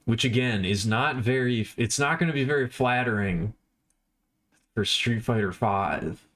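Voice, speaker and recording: A man's voice: medium pitch, a little slow, a bit bright. Man, livestreamer, casual rambling chatter, self-deprecating, perks up when pointing things out.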